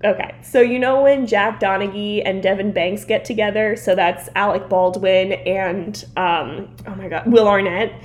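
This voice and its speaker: A woman's voice: mid-range voice, steady tone, moderate pace, few pauses. A young woman co-hosting a podcast, chatting casually, rambling with lots of "like" and laughing often. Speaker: podcast co-host. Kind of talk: casual chat.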